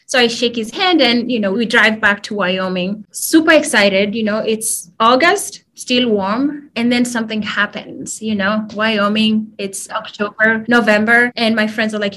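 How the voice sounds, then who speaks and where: A young woman from Kenya, a guest in an interview, telling stories in a casual, lively way and acting out the dialogue. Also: medium pitch, normal speed, hardly any pauses.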